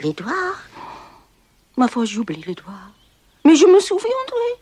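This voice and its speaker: A French lady-in-waiting who answers her mistress hesitantly. Her voice is very high and swoops widely, and she speaks slowly with a French accent. It is period film acting. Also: huge pitch swings, darkish tone, full character voice. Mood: deferential.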